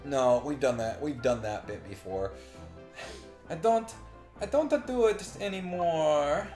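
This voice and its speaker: A woman's voice: sits low, unhurried. A woman co-hosting a casual game playthrough, reading characters' lines aloud and slipping into playful voices. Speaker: let's-play co-host. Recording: roomy home recording with faint game music.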